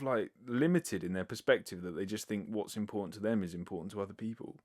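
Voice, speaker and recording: Man, podcast host, somewhat low voice, rambling chat full of fillers, close mic. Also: brisk. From United Kingdom. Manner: rambling, filler-heavy, swears casually. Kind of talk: casual solo podcast answering listener questions. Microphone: close sensitive microphone.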